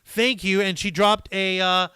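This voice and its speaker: Guy hosting a live stream, swears a lot, rambles, reads the chat, high bright voice, super dry close sound. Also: measured pace, smooth, no room sound. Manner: profane, rambling, animated. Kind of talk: casual live stream chat, reading viewer comments.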